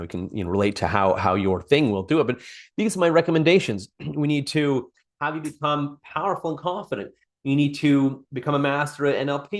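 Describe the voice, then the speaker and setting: On a call, a man coaches a small group on sales in a live online session, speaking off the cuff with a somewhat high voice. He repeats and restarts phrases and acts out sample dialogue.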